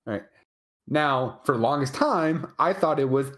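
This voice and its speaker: An American man co-hosting a casual chat, rambling and halting with many restarts. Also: mid-range voice, expressive, a bit bright. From United States. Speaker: co-host.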